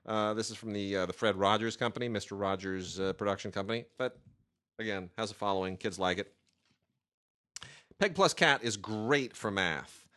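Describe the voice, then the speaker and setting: A man with a voice a little on the low side talks casually about new home video releases. His delivery is chatty and rambling, often stopping for filler sounds before he finds his point. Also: moderate pace, sharp tone. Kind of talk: casual chat.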